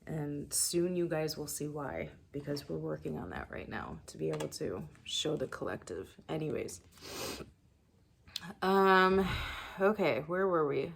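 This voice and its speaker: A woman's voice: sits low, big pitch swings, unhurried, vocal fry, a little hiss or hum. A woman giving a spiritual reading to camera, casual and emotional, talking straight to her viewers. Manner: emotional, casual, swearing, speaks to viewers as collective. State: emotional, near tears. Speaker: tarot reader.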